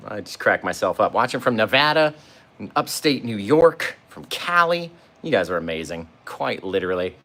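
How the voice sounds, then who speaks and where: A man's voice: fairly low pitch, sing-song, moderate pace, gravelly, sharp tone, reverberant, low-quality recording. A man teaching a live painting lesson, talking viewers through each brushstroke in a chatty way and calling them "guys". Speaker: painting instructor.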